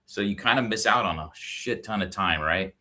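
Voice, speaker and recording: A man with a low voice and a bright, forceful edge, talking on a casual livestream. He is relaxed, laughs often and fills his talk with ums and likes. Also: normal speed. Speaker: co-host.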